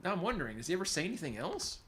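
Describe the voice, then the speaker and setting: A man's voice: high voice, sing-song, very fast, fairly bright tone. A man from California's Central Valley hosting a casual livestream, rambling, laughing often and reading chat aloud. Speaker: livestream host and musician.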